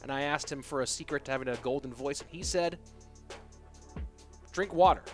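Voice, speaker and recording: A man's voice: medium pitch, quick pace, soft background music. A young man casting a live esports match, joking around and answering viewer questions between plays. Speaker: esports caster. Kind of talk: live game commentary and reading chat.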